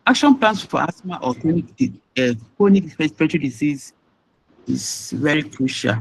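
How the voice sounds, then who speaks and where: A man gives a pharmacology lecture with a fairly high voice for a man. He delivers it haltingly, restarts now and then, and leans on key words. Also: lively intonation, creaky, husky, poor audio.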